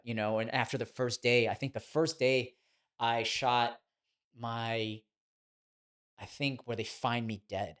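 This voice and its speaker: An animated, chatty man in his thirties tells stories as a podcast guest. His voice sits at an ordinary middle pitch, and he often laughs between lines. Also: a little slow, pauses often, clean tone. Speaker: guest, former child actor turned boxing trainer. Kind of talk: casual podcast storytelling.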